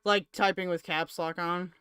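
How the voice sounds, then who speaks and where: A woman's voice: fairly low pitch, steady tone, moderate pace, fairly bright tone, smooth, no room sound, studio quality. A woman co-hosting a commentary podcast, chatting casually with blunt, profane reactions. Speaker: podcast co-host.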